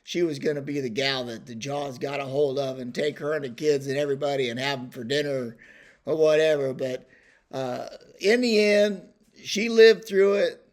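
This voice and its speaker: A man in a casual storytelling vlog, rambling in a folksy way, with lots of fillers and restarts. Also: on the high side. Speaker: storyteller host.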